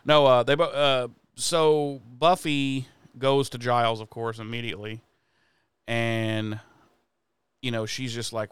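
A man co-hosting a podcast, casually recapping a TV episode in a profane, animated way. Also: medium pitch, a little slow, clean tone, dry recording. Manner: profane, animated retelling with quoted voices.

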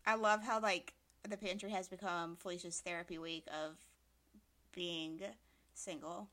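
Bright-voiced chatty woman in her late twenties. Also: on the low side, little pitch movement, a little slow. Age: late 20s. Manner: chatty, heavy on filler words, swears casually. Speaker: podcast co-host. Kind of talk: casual chat.

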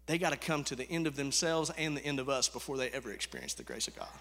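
A pastor preaching a sermon in a conversational way, swinging from hushed to loud. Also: male voice, mid-range voice, wildly swooping pitch, fast, soft background music. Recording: echoey hall reverb.

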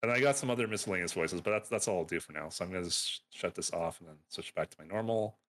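Low-voiced man rambling on a call. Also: very fast, a bit bright. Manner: rambling, trails off and corrects himself. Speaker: podcast co-host. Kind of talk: casual chat. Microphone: online voice call.

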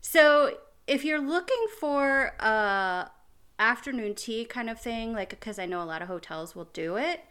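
A woman's voice: on the high side, animated, unhurried, a bit bright, clean tone. An American woman co-hosting a podcast, chatting casually and giggling, with lots of "like" and "um". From United States. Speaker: podcast co-host. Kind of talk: casual chat.

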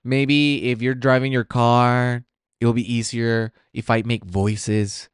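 A man's voice: mid-range voice, level tone, slow pace, clear, resonant tone, no room sound, clean studio sound. A man hosting a solo podcast, talking reflectively and asking his listeners many questions. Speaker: podcast host.

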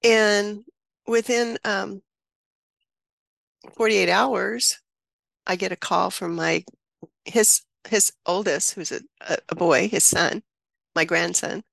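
A woman in her seventies, a guest on an interview show, recounting a personal story in an earnest, reflective way with frequent pauses and restarts. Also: medium pitch, fairly even intonation, creaky, fairly bright tone, dry recording, clean studio sound. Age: 70s. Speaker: interview guest, birth mother and author.

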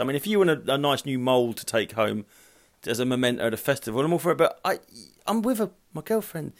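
Rambling sweary Englishman, lively pitch. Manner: rambling, sweary, self-mocking. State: hot, hungover and tired. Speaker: podcast host. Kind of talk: solo podcast monologue. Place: at home, walking through rooms.

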